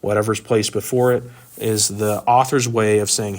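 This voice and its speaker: A man with a fairly low voice leads a men's Bible study, walking through grammar points in an informal, explanatory way. He pauses often with ums and uhs as he works through a worksheet in a meeting room. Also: flat delivery, a little mellow.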